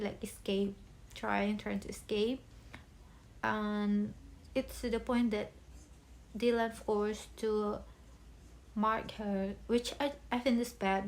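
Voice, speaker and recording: A young woman speaks in a bubbly, chatty way about a book she loved, in English that isn't her first language. She pauses, restarts and thinks aloud as she goes. Her voice sits at an ordinary middle pitch. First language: not English. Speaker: book vlogger. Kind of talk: casual book chat.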